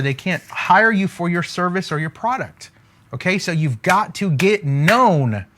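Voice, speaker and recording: Animated high-voiced male business coach. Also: a little hiss or hum. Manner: emphatic, repeats catchphrases, keeps asking "okay?"; draws on a board while teaching. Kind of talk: motivational business teaching.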